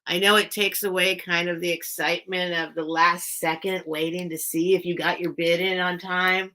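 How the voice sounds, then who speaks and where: A woman's voice: on the low side, flat delivery, moderate pace, pushed and bright. A woman hosting a casual live-stream sale, chatting and reading out bids, often breaking off her own sentences. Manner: chatty, self-interrupting, reads out bids. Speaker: online live-sale seller.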